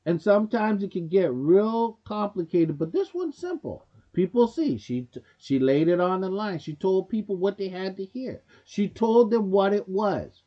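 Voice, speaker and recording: High-pitched guy ranting to camera, blunt and preachy, kinda muffled dull audio. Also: animated, normal speed, hardly any pauses. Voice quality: casual speech with dropped grammar. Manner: blunt, preachy, talks straight to viewers. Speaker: commentary show host. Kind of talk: opinionated monologue.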